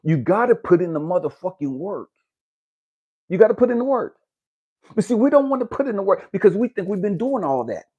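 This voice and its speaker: A man speaking as a spiritual life coach, giving a blunt, cursing motivational rant to the camera that builds to shouting. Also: sits high, big pitch swings, fairly quick, slightly rough, highs cut off.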